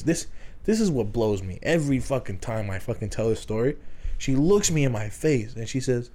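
Mellow-voiced guy rambling thru a story, cusses a ton, keeps laughing. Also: mid-range voice, animated, normal speed. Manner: swears a lot, laughs often, rambling with restarts. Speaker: podcast co-host. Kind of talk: casual storytelling.

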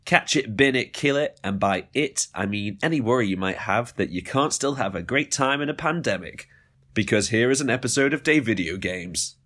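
A man hosts his own podcast in a comedic monologue. His voice sits at an ordinary middle pitch. He swings between mock-dramatic outbursts and dry, deadpan asides. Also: normal speed. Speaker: podcast host.

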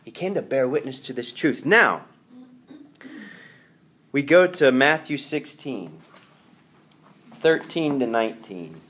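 Man, Bible study teacher, animated intonation, conversational, rhetorical questions, classroom. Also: mid-range voice, slow, pauses often. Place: room with a class.

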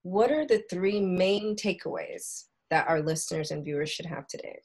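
A woman hosting an interview, warmly enthusiastic and encouraging toward her guest. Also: fairly low pitch, normal speed, husky. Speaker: interviewer, host. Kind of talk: casual interview chat.

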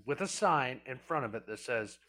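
A man's voice: mid-range voice, expressive, normal speed, sharp tone. A man co-hosting a casual podcast, backing up his friend's story with profane comments. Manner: profane, supportive chiming in. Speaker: co-host.

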